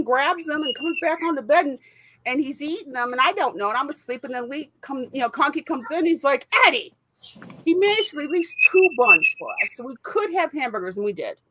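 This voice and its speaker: A woman's voice: high voice, background noise. A woman co-hosting a casual chat, telling rambling stories and laughing often. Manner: chatty storyteller, laughs often. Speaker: co-host.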